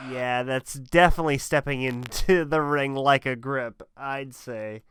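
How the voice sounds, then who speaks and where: Slow, sarcastic male commentator. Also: medium pitch, clean tone, no echo. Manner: sarcastic, mocking, deadpan asides. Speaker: commentator reacting to a clip.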